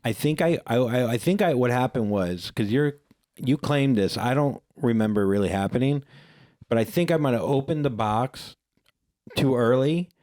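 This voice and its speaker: A man's voice: medium pitch, lively intonation, moderate pace, a little mellow. A man in his thirties co-hosting a podcast, telling a story in casual chat, joking and swearing, now and then slipping into goofy voices. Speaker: podcast co-host.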